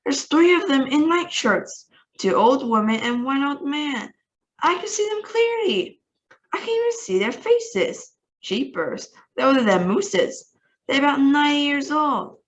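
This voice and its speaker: A woman's voice: high-pitched, very animated, a little slow, muffled recording, pitched above the performer's own voice. A woman reading aloud, voicing an astonished male astronaut reporting from orbit. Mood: insistent. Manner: breathless, astonished.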